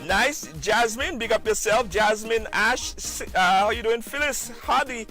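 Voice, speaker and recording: A man hosting a live-stream talk show, animated, repeating phrases and breaking into sing-song shout-outs to viewers. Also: sits high, a little slow, soft background music. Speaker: host.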